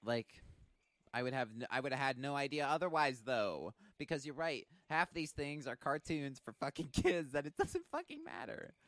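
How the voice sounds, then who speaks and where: A man's voice: mid-range voice, sing-song, fairly bright tone, no echo. A man co-hosting a podcast in casual chat, swearing freely and laughing often. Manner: profane, quick to agree, laughs often. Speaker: podcast co-host.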